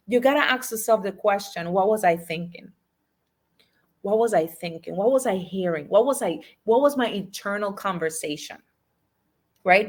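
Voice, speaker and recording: Woman coach, motivational delivery, leans on repetition and direct questions to listeners. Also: mid-range voice. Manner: emphatic, repeats key phrases, asks the audience questions. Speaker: life and business coach.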